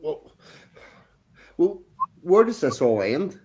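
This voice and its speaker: Male stream guest, dark mellow tone; steady, repetitive phrasing. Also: a little high, slow pace. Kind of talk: casual chat.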